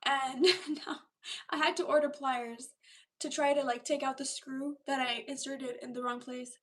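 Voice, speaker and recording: A young woman chats with her viewers on a relaxed livestream, her voice pitched high. She rambles from thought to thought, leans on "like" as a filler and laughs often. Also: measured pace. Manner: chatty and rambling, with many "like" fillers and frequent laughs. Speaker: livestream host. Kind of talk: casual livestream chat with viewers.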